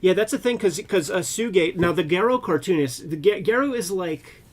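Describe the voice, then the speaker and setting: A man co-hosts a casual comics talk show, speaking from his own experience as a cartoonist. His voice sits a little high for a man. He talks in a loose, animated way, full of slang and cheerful profanity. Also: normal speed. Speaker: co-host, cartoonist. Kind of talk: casual chat about comics.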